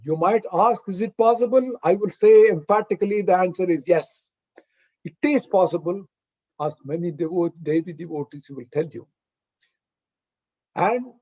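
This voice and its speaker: A man with a fairly high voice delivers a devotional lecture over a video call. He talks earnestly and patiently, posing questions and then answering them himself. The sound is slightly muffled and lo-fi. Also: dark tone. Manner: earnest, explains terms patiently with rhetorical questions. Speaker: spiritual discourse speaker.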